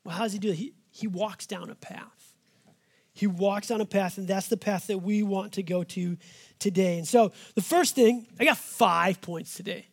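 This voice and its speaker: High-pitched husky male pastor. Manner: conversational and folksy, slowing down to stress scripture. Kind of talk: sermon.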